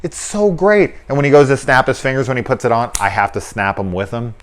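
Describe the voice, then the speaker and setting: A man giving a casual spoken movie review, animated and profane, often acting out characters' lines in put-on voices. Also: medium pitch, fast. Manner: animated, swearing, acts out quotes in put-on voices. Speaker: film reviewer.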